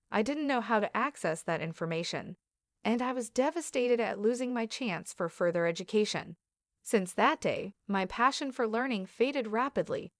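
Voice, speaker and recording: A woman's voice: medium pitch, no echo, studio quality. Woman narrating a first-person story.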